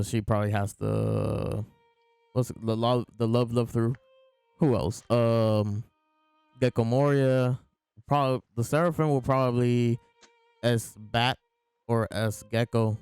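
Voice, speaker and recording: A man's voice: lowish voice, vocal fry, a little mellow, clean tone, no room sound. A man hosting a casual chapter review, retelling scenes by quoting the characters in his own voice over faint background music. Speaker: host reviewing comic chapters.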